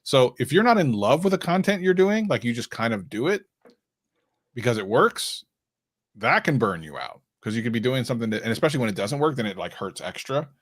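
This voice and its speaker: A man's voice: medium pitch, very animated, fairly quick. A man co-hosting a casual livestream question-and-answer session, chatty and jokey, with many fillers and restarts. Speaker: co-host.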